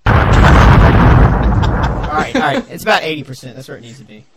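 Excitable high-voiced podcast host. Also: male voice, brisk, very noisy. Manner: excitable, joking, laughing often. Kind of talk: casual call-in podcast banter.

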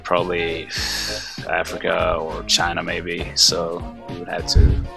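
A man's voice: sits low, monotone, measured pace, creaky, over music. A man leaving a rambling voicemail for a podcast, chuckling between thoughts. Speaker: caller. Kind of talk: phoned-in voicemail.

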